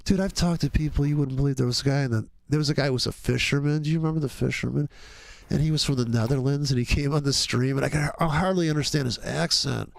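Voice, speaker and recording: A man's voice: mid-range voice, fast talker, vocal fry, no echo. A man hosting a livestream trading show, talking in crude, rambling, profane casual chat.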